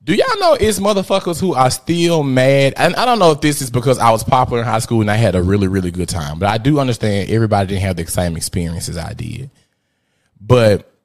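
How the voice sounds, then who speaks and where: A man in his thirties with a drawl hosts a casual talk show. He rants and tells stories in a profane, animated way, swinging from loud outbursts to muttered asides. His voice sits at an ordinary middle pitch. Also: fast talker. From Memphis, USA. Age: 30s. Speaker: podcast host. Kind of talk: casual storytelling rant.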